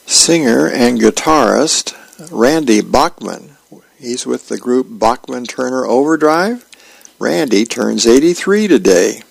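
A male radio host reading comic strips aloud in a relaxed, unhurried way. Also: medium pitch, creaky, no room sound, rough recording.

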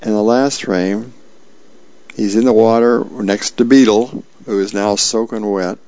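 Male radio reader, low and gravelly, casual delivery, dull lo-fi sound. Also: fairly even intonation, measured pace, a little mellow, no room sound. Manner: casual, with fillers. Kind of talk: reading newspaper columns and comics aloud.

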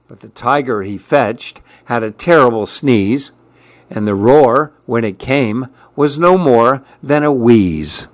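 A man reads a rhyming children's story aloud, measured and expressive, with a bouncing rhythm. He takes it slowly, and the sound is dry and close with no room echo. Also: mid-range voice. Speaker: narrator.

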